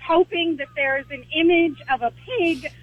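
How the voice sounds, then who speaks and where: Female caller, high voice, animated storyteller, phone-line sound. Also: moderate pace, no room sound. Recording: dry, tinny phone line.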